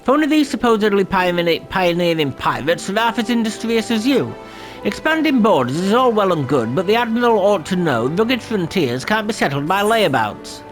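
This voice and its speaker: A man's voice: high voice, sing-song, normal speed, faint music behind, voice pushed up. A man voicing a haughty game quest-giver in a posh English accent, clipped and condescending. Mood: disdainful.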